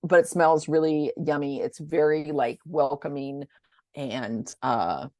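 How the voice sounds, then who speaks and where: A woman's voice: low voice, slow, darkish tone, no echo. A woman presenting products in a casual, rambling rundown. She talks chattily and often stumbles over names. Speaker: essential oil presenter.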